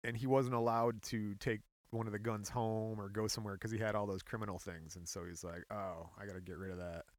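A man's voice: fairly low pitch, a little fast, few pauses, no echo. A young adult man co-hosting a podcast, casually telling stories and joking with his co-host. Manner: lively, playful storyteller. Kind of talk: casual chat.

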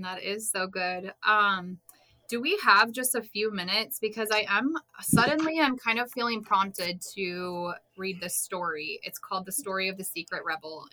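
Bright-voiced woman co-hosting a faith podcast. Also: medium pitch, rough recording. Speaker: podcast co-host. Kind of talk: faith podcast conversation and story reading.

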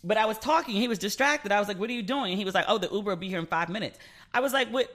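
A woman's voice: mid-range voice, rapid-fire. Frank, profane woman podcast host. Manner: frank, profane, animated storytelling with quoted back-and-forth. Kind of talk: casual solo podcast chat.

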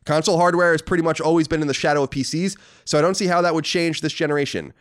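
A man's voice: fairly high pitch, fairly even intonation, rapid-fire, clear, resonant tone. An American man co-hosting a casual podcast, reading listener mail aloud with mock-indignant joking. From United States. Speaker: podcast co-host.

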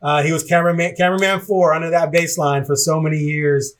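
A man's voice: fairly high pitch, fairly even intonation, quick pace. A man co-hosting a sports podcast, talking in a rambling, reflective way with frequent laughs. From Portland, Oregon area. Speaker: podcast co-host. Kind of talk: casual podcast chat.

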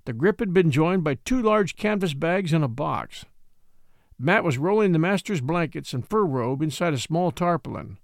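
A man reading a classic novel aloud in measured storytelling style. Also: on the high side, expressive, creaky, no echo, clean studio sound. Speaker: audiobook reader.

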